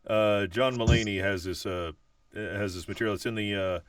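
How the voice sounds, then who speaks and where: Hesitant low-voiced male podcast host. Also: steady tone, moderate pace, dry recording, distant mic. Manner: hesitant, many fillers. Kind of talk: casual interview chat.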